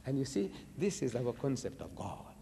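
A man's voice: medium pitch, big pitch swings, moderate pace, dark tone, big-room sound, a little hiss or hum. A man giving a public religious lecture, emphatic and rhetorical, often putting questions to his audience.

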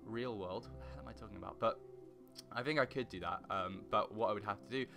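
Over faint background guitar, a young man talks fast with vocal fry while playing Minecraft for his YouTube let's play. His commentary is rambling and goofy, broken up by silly noises and bursts of loud, high-pitched singing.

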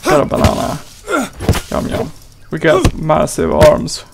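A man's voice: on the high side, very animated, measured pace, vocal fry, very noisy. A man hosting a gaming channel, giving playful, exclamatory let's play commentary and talking to his character.

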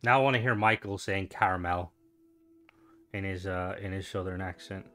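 A man's voice: deep voice, moderate pace, a bit bright, faint music behind. A young Irish man chatting casually with viewers while streaming a game, rambling from one thought to the next. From Ireland.

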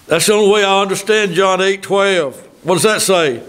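Older Southern male preacher, high voice, folksy and conversational from the pulpit. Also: moderate pace, few pauses, fairly bright tone. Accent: Southern American. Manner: folksy, thinking aloud with asides. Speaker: pastor. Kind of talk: sermon.

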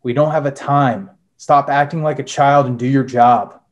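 A man's voice: mid-range voice, steady tone, normal speed, lo-fi sound, lightly acted. A man reading as a shot, wheezing spy who begs. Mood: pleading. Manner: plain reading voice, barely acted. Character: wounded male spy pleading, gasping for breath.

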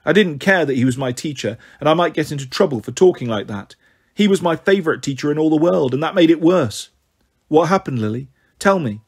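A man reading a children's novel aloud as a storyteller, in an even, measured way. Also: a little high, slightly rough.

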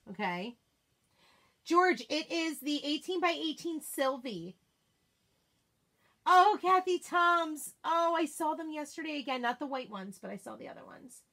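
A woman hosting a live crafting demo, chatting excitedly and talking to herself as she works. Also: sits high, a little slow, long pauses. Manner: excitable, gushing, talks to herself while working. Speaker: craft demonstrator, live streamer.

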